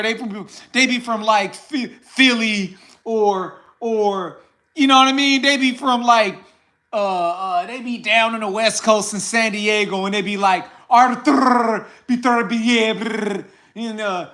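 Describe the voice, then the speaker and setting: A man's voice: high-pitched, fairly bright tone. A man with an American accent hosting a casual opinion vlog about boxing. He talks in a chatty way, repeats himself, and tags his points with "okay?" and "right?". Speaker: boxing commentator, channel host.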